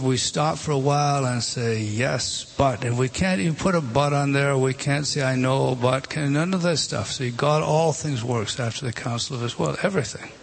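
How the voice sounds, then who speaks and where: Man, Bible teacher, halting speech, frequent restarts, faint background hiss. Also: mid-range voice, gravelly. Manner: halting, many restarts, points at a page and rises when stressing a word.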